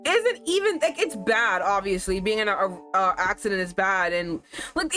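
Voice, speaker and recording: A woman streamer reading a romance game aloud and reacting with animated, profane asides. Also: medium pitch, moderate pace, faint music behind.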